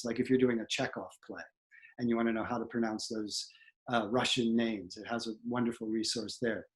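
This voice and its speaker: Middle-aged male theatre professor, instructional, loose with fillers and repeats. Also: medium pitch. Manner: explanatory, with fillers and repeated words. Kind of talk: instructional talk.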